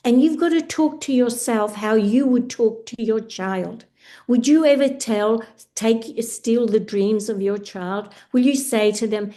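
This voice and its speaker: An older woman speaks with a mellow, warm voice on a video call. She talks passionately and emphatically, and her voice rises as the feeling builds. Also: on the high side, measured pace. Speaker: guest speaker. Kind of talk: motivational talk on a call.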